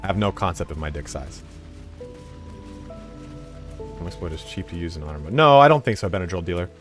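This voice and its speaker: A low-voiced man rambles frankly and loosely as he streams a game, his pitch swinging a lot as he talks. Faint game music plays underneath him. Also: lively intonation, a little fast. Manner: rambling, frank and profane, full of fillers. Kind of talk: casual chat while playing.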